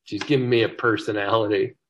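A man's voice: fairly low pitch, steady tone, a little fast, slight background noise, rough recording. An older man, a comedy writer as an interview guest, telling self-deprecating stories in casual chat. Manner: self-deprecating, joking storyteller.

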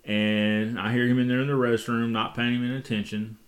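Middle-aged man, podcast co-host, lively storyteller who laughs easily. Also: medium pitch, brisk. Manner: animated storyteller, laughs often. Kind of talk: casual family chat.

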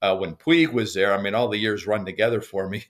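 Low-voiced older man, rambling coach. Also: fairly even intonation, fairly quick. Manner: rambling, with many restarts and fillers. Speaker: podcast guest, baseball coach. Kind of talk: casual interview conversation.

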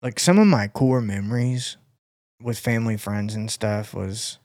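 Young male co-host, low and easygoing, dry close recording. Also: a little slow, darkish tone, no room sound. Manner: laid-back, short agreeing replies. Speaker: podcast co-host. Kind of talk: casual chat.

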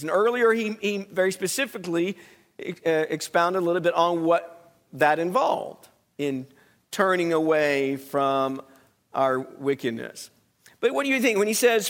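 A man's voice: fairly high pitch, animated, a little slow. A man teaching a Bible study lesson in a conversational way, asking the class questions and often restarting his sentences.

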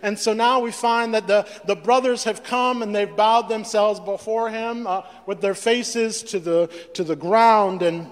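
In a church sanctuary, a male pastor preaches in a high, steady voice, unhurried and with few pauses. He trips over repeated words and acts out the voices from scripture, while the hall adds a long reverb.

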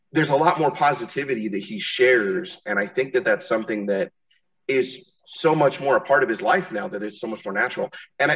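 A man's voice: medium pitch, a bit bright, recorded from a distance. A man talking loosely on a podcast, circling his point with restarts and swearing. He sits a little back from the microphone, and the sound is dull and lo-fi. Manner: rambling, profane, restarts often. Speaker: podcast host. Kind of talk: casual interview chat.

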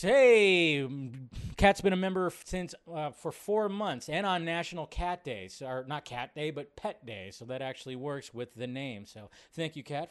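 A man's voice: fairly high pitch, clear, resonant tone. A man hosting a casual livestream, chatting and greeting viewers by name and laughing easily. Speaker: livestream host. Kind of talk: casual live chat reading viewer comments.

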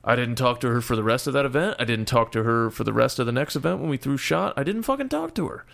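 A man's voice: medium pitch, fast, gravelly, a bit bright. A young man casually retelling a story in a profane, exasperated way. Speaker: storyteller guest.

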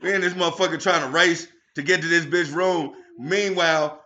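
A man with a high, bright, cutting voice tells crude stories on a casual podcast. He is loud and profane and laughs his way through each tale, and the lo-fi recording sounds dull and muffled. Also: fairly quick. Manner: loud, profane, animated storytelling with frequent laughter. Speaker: podcast co-host. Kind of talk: casual comedic chat.

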